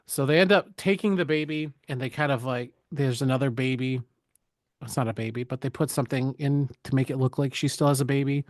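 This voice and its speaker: A man co-hosting a podcast, recapping a film in casual chat, profane and jokey, slipping into quick voices for the characters. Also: mid-range voice, dry recording, clean studio sound. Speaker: podcast co-host.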